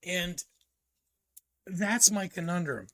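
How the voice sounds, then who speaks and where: A man talking to camera in a casual personal vlog, halting and reflective, with many ums and restarts. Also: high-pitched, fairly bright tone. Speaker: vlogger.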